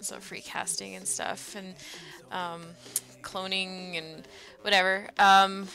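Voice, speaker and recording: A woman's voice: mid-range voice, pushed and bright. A woman giving a casual, chatty voice-over of her gameplay footage, with frequent ums and uhs. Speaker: gamer narrating her match footage.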